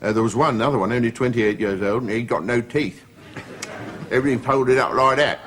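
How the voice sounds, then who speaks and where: A man's voice: mid-range voice, fairly quick, fairly bright tone, breathy edge. A middle-aged man, a talk show guest, telling comic anecdotes with the timing of a witty raconteur in a television studio. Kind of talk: anecdotal storytelling.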